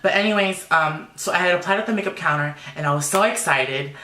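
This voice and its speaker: Bright, animated young man in an echoey room. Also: high voice, fairly quick. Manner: animated, emotional storytelling with many fillers. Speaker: makeup artist and YouTuber. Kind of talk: casual storytelling vlog. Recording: roomy echo.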